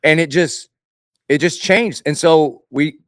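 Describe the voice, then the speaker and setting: A man who is a pastor, chatting as a guest and telling stories with animated quoted voices. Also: fairly high pitch, unhurried, no room sound, clean studio sound. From Jacksonville, Florida. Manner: storytelling, acts out quoted voices. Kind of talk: casual chat.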